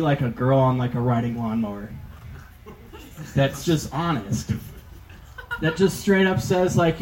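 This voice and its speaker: A man's voice: mid-range voice, expressive, measured pace, long pauses, darkish tone, slight background noise, poor audio. Rambling young male stand-up comic. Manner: rambling, filler-heavy delivery with many "like"s. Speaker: stand-up comedian. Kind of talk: stand-up comedy set.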